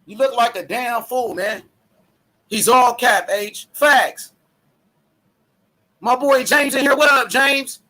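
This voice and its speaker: A man hosting a casual boxing talk stream, talking loud, profane trash. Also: very high-pitched, slow, long pauses. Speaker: host.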